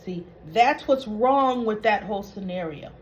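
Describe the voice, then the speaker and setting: A woman's voice: medium pitch, animated, measured pace, slight background noise, poor audio. A woman hosting a soap opera recap, retelling scenes in a chatty, opinionated way.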